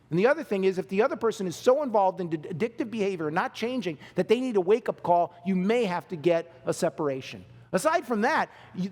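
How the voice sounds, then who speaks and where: A male pastor preaching a sermon to a congregation, emphatic and repeating key phrases, laughing along with the crowd. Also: high-pitched. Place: church hall. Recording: long hall reverb.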